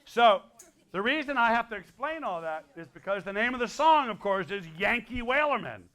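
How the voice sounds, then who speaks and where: Performing as a guest in a school hall before a live audience, this Connecticut folk musician in his sixties speaks with an extremely high pitch and big swings in pitch. His tone is bright and forceful as he playfully teases the students with fast asides.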